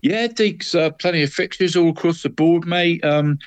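Chatty man, higher voice. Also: moderate pace, clean tone, no echo. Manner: chatty, calls his co-host "mate" and by nickname in nearly every line. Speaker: co-host of a local football show. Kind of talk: casual sports chat.

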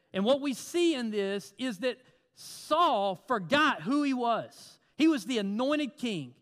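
A man's voice: extremely high pitch, a bit bright. A man preaching a sermon in a conversational way, asking the congregation questions and reading scripture aloud. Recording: long hall reverb.

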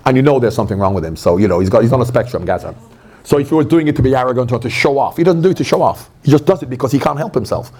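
A man being interviewed at a live event, telling animated stories, acting out quotes and laughing often. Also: mid-range voice, very fast, husky. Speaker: interview guest, former pro footballer. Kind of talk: animated anecdotal storytelling. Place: live event at a stadium venue.

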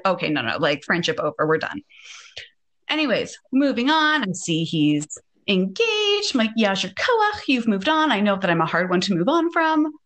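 A woman in her thirties hosting a podcast, casually telling a story and acting out the quoted dialogue. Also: medium pitch. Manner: animated, acts out quoted dialogue. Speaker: podcast host.

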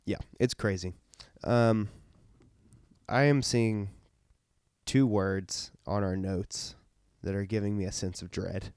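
Male co-host, lowish voice, dry laid-back humor, close dry mic. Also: steady tone, takes it slowly, long pauses, a little mellow, smooth, no echo. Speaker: podcast co-host. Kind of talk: casual movie podcast chat.

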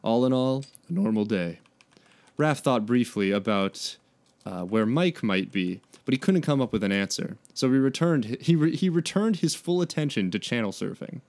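A man's voice: mid-range voice, expressive, moderate pace, a little mellow. A man in his late twenties co-hosting a comedy podcast, reading fan fiction aloud and joking with laughter. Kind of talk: comic reading and banter.

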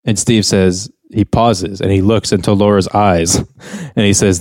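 A man co-hosting a podcast, casually recapping a sitcom episode and acting out the characters' lines in higher voices, with frequent chuckles. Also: steady tone, a little slow, darkish tone, no echo, clean studio sound. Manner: laid-back storytelling, acts out quotes in higher voices, chuckles often. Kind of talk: casual chat.

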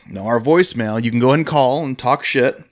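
A man's voice: mid-range voice, fast. A man co-hosting a podcast in casual, crude banter, teasing and laughing often as he rambles. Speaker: podcast co-host.

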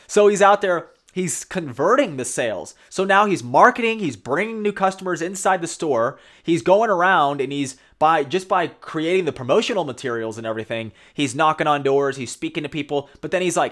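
A man casually retelling a show in commentary, talking in a loose, energetic way and often tagging on "you know" and "right?". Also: on the high side, brisk, hardly any pauses.

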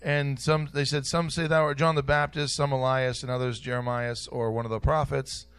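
A man preaching a sermon in a church, repeating key phrases and swinging between loud declarations and soft asides. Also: mid-range voice, little pitch movement, moderate pace, clean tone.

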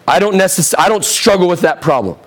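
A man in his thirties delivers a sermon with a slightly high voice, talking plainly and putting questions to the congregation. His voice is starting to go a little hoarse. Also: expressive, brisk. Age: 30s. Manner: direct, conversational preaching with rhetorical questions. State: getting hoarse. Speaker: pastor.

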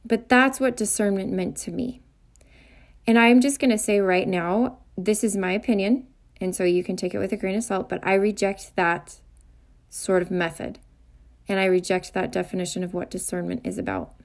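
A woman's voice: medium pitch, fairly even intonation, moderate pace. A woman hosting a spiritual podcast, talking in a rambling, earnest, self-correcting way. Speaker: podcast host. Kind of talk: casual spiritual talk.

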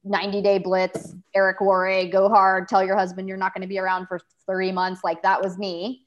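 A woman being interviewed, speaking in an earnest, reflective way about her work. Her voice has an ordinary middle pitch, and she pauses with small fillers as she thinks. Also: completely flat delivery, dull audio. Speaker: interview guest, business owner. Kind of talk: casual interview chat.

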